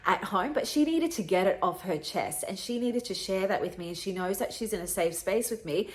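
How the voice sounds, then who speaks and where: A woman's voice: mid-range voice, animated, a little fast. A middle-aged woman hosting a podcast, telling an emotional personal story in an earnest way, often repeating herself. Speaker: podcast host.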